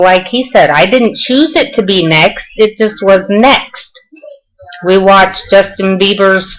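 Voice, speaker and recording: A woman's voice: medium pitch, rough recording. An older woman with a Southern US accent, chatting casually and answering questions in a home vlog, folksy and self-deprecating. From Southern United States. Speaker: vlogger.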